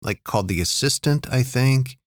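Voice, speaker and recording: A man's voice: mid-range voice, lively intonation, normal speed, dry recording, studio quality. A man co-hosting a casual TV review chat, talking in a hesitant, conversational way with frequent restarts. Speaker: podcast co-host.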